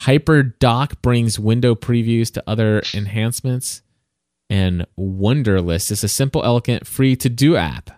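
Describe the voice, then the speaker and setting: A man in the middle of easygoing tech podcast chat, rambling along and often stopping to restart a thought. His voice sits at an ordinary middle pitch. The sound is dry and close, with no room in it. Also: a little slow, a little mellow, dry recording. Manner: rambling, self-interrupting, playful. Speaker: podcast co-host.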